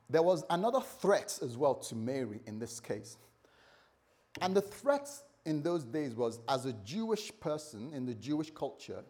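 A man preaching a morning sermon in a conversational way, joking with the congregation and acting out the story's dialogue. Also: darkish tone. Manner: conversational, playful asides to the congregation; acts out dialogue with shifting pitch and volume.

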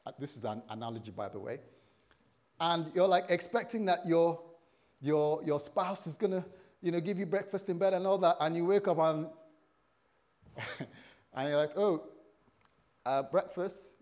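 Middle-aged male preacher in his fifties, lively storyteller, slightly higher voice, mixes scripture with personal stories. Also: normal speed, long pauses. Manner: animated storytelling, acting out quoted voices. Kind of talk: sermon.

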